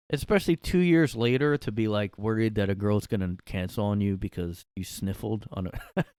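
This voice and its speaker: A man's voice: fairly low pitch, darkish tone, clean tone, no room sound, clean studio sound. A young man hosting a solo comedic podcast, rambling with crude jokes. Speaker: podcast host. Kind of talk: solo casual comedic talk.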